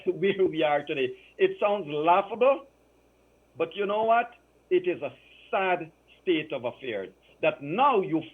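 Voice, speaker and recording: A man speaks with real emotion, stacking repeated phrases as he drives each point home. His voice sits high for a man. It comes through a thin, tinny phone line. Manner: emphatic, repeats phrases for emphasis. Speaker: political commentator. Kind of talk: impassioned political talk.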